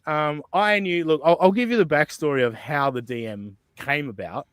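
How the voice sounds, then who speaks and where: A man's voice: fairly high pitch, moderate pace, fairly bright tone, clean tone, dry recording, studio quality. A man hosting a podcast in casual chat, rambling and swearing freely, with lots of fillers and chuckles. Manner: rambling, profane and laughing, with many fillers. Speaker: podcast host. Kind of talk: casual chat, reading out messages.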